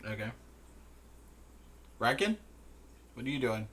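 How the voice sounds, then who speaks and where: A man narrating a tabletop game as game master in a slow, measured way. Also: medium pitch, very animated, fairly bright tone.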